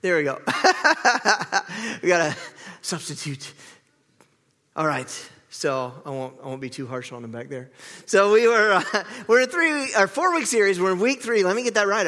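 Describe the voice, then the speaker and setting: A man's voice: sits high, pushed and bright, long reverb tail. A man preaching a sermon, chatty and self-correcting, joking with the congregation. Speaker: pastor. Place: church sanctuary.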